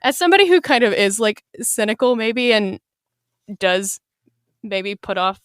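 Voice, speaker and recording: A woman's voice: mid-range voice, lively intonation, moderate pace, clear, resonant tone, no echo, studio quality. Chatty woman co-hosting a book podcast. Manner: retells scenes with acted quotes, swears casually. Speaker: podcast co-host. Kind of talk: casual book chat.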